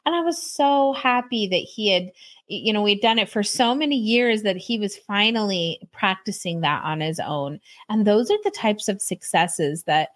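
A woman's voice: mid-range voice, lively intonation, moderate pace. A woman podcast host chatting with a guest, with hesitant restarts and frequent laughter. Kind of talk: casual interview chat.

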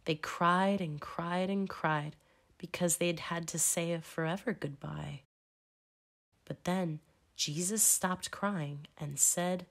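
Slow, low-voiced woman reading a storybook. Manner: slow, expressive, emphatic. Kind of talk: children's storybook read-aloud.

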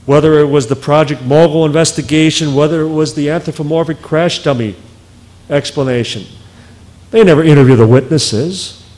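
A man speaking as a researcher in a public lecture, emphatic, with deliberate pauses. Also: a little high, darkish tone, low-quality recording.

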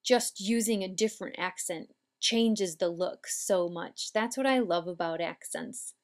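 Woman instructor, mid-pitched, patient and methodical, walking viewers through a braid demo. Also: unhurried. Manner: calm, patient, step-by-step explaining. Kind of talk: instructional demonstration.

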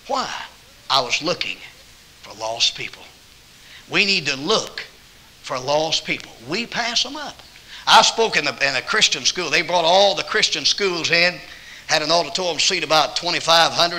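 A Southern-accented male evangelist preaches in a church, his voice bright and cutting. His pitch swings widely as he tells folksy stories and bursts into loud emphasis. He sits a little high for a man. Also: low-quality recording. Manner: folksy anecdotes, quoting himself and others, bursts of loud emphasis. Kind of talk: sermon with storytelling. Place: church auditorium.

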